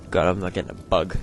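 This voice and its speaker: A man's voice: low-pitched, creaky, fairly bright tone. Chatty man rambling over gameplay. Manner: chatty, rambling, self-mocking, laughs often. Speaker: let's play host. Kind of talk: casual gameplay commentary.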